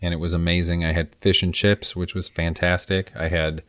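A man's voice: low-pitched, level tone, moderate pace, a bit bright, no echo, clean studio sound. A man from the Midwest, chatting casually and telling stories with enthusiasm. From American Midwest. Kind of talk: casual chat.

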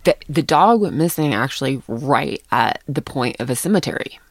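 A middle-aged woman telling a story in casual chat, animated and laughing often. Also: extremely low pitch, moderate pace, no echo.

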